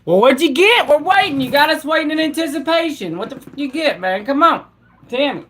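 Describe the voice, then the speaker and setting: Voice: high voice, lively intonation, a little fast, fairly bright tone. A live streamer chatting casually with viewers in a laid-back, slangy way and laughing often.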